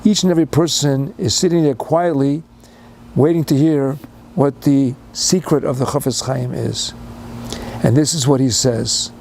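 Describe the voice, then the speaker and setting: An older man delivers a Torah talk as a storytelling sermon in English peppered with Yiddish and Hebrew words, his retelling building into emphatic, fervent passages. His voice sits at medium pitch with a steady tone, moderate pace and vocal fry, slightly mellow. There's a faint hiss or hum in the background.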